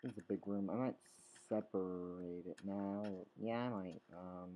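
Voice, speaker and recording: A man's voice: low-pitched, steady tone, measured pace, dark tone, a little hiss or hum, poor audio. A young man rambling goofily to himself while commentating his own video game play. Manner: goofy, rambling, talks to himself. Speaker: gaming channel host.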